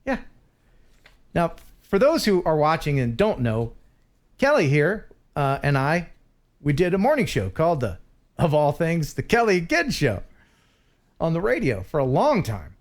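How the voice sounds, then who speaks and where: A man's voice: on the high side, very animated, measured pace, pauses often. A man hosting a casual live stream, chatting and reading a viewer's message aloud. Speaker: host.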